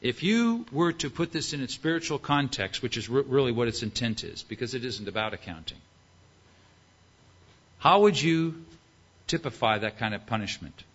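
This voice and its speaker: A man's voice: mid-range voice, very animated, moderate pace, fairly bright tone, breathy edge, muffled recording. A man preaching a sermon, reading scripture and acting out its characters with rhetorical questions.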